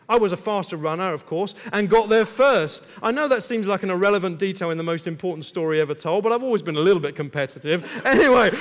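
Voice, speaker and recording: A man with a high voice tells a Bible story as one of the disciples, joking along and dropping in asides. His chatty, lively delivery rings out in a big hall, and a long reverb trails after every phrase. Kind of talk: comic first-person Bible retelling. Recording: long echo of a large hall.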